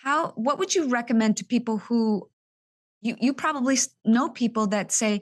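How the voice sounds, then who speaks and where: A woman hosts an interview show in an earnest, emotional way. Her voice sits a little higher than most women's. She speaks with open indignation. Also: normal speed. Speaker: podcast host. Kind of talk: conversational interview.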